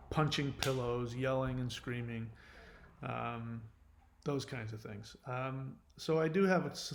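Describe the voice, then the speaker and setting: A man's voice: medium pitch, fairly bright tone. A man hosting his own channel, answering viewer comments in a candid, rambling monologue full of fillers and restarts. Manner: rambling, frequent "you know" fillers and restarts; earnest, confessional. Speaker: channel host.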